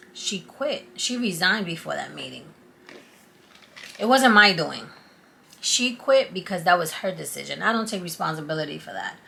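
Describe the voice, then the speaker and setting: A woman vlogger telling a personal story to the camera in a casual, animated and confiding way. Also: low voice, creaky, slight background noise. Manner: animated, confiding, acts out quotes.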